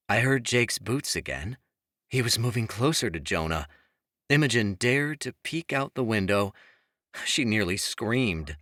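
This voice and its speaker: A man narrating a fantasy audiobook in the first person, wry and expressive, on a close studio mic. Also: low voice, unhurried, no echo.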